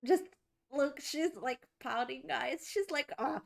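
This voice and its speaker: A woman's voice: sits high, takes it slowly, gravelly. A young woman streamer reacting to a game, gushing, laughing and swearing, with game music under her voice. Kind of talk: let's-play reaction commentary.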